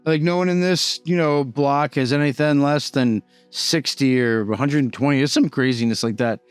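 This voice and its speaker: A man tells a story in a loose, rambling way, filling his sentences with "like" and "you know." His voice is smooth and clear and sits at an ordinary pitch. The sound is dry and close, with faint music underneath. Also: moderate pace, dry recording. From Boston. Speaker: YouTuber telling prison stories. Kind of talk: casual storytelling.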